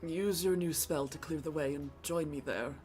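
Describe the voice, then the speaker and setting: A woman voicing a weary ancient male dragon spirit, reading his lines in a slow, formal, solemn manner. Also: sits low, darkish tone, soft background music, voice pushed down, lightly acted.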